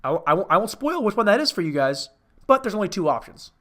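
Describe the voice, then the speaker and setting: A man's voice: high voice, very animated, fast, fairly bright tone. A man hosting a comedic movie review, rambling, interrupting himself and swearing casually. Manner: rambling and self-interrupting, profane. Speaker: host.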